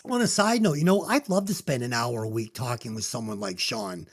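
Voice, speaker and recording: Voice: mid-range voice, animated, brisk. A podcast co-host reviewing a movie in casual chat, emotional and choked up at times, swearing freely.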